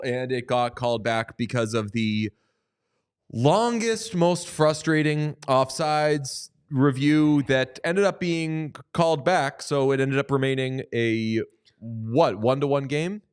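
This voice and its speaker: A man's voice: medium pitch, clean tone. Man riffing on hockey, jokey. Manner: jokey, quick asides and mock quotes. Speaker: podcast co-host. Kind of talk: casual hockey chat.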